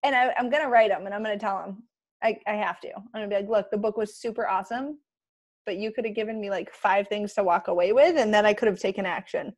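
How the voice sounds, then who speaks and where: A young woman leading a casual motivational team call over a computer mic, chatty and excitable with quick asides. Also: medium pitch.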